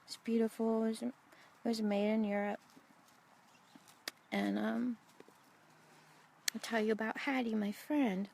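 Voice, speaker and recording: A woman in her forties speaks with a gravelly, slightly high voice, earnest and heartfelt as she talks right to the viewer. She is telling a faith story outdoors in a wooded spot. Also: fairly even intonation, measured pace, long pauses, a little mellow, slight background noise. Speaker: Christian speaker sharing a testimony. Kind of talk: devotional vlog storytelling.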